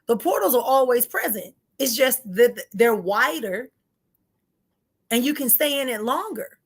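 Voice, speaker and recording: Woman, spiritual teacher, fairly high voice, emphatic, repeats herself for effect, speaks informally to listeners. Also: expressive, measured pace, husky. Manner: emphatic, repeats key phrases; addresses listeners directly and informally. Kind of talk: live-streamed spiritual teaching.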